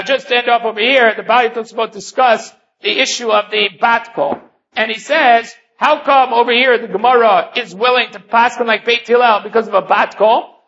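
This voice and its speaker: A Talmud teacher gives a daily lesson, explaining each point step by step and weaving in Hebrew and Aramaic terms. His voice is extremely high-pitched, bright and forceful, on a dull lo-fi recording.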